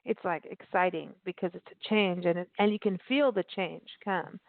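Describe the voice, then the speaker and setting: A woman's voice: on the low side, normal speed, gravelly, no room sound. Woman, radio host, bubbly storyteller, dry close sound. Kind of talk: casual chat over a call. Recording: tinny phone-line sound, dry.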